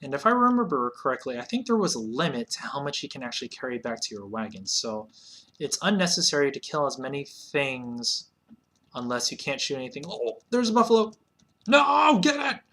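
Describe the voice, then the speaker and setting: A man casually commenting on his play of an old computer game, chatty, with sudden excited shouts. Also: medium pitch, a little fast. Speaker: let's play host.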